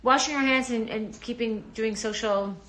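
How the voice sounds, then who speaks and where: A woman's voice: on the high side, moderate pace, fairly bright tone. A middle-aged woman chatting casually on a live stream, reassuring her viewers and greeting commenters. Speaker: livestream host talking to viewers.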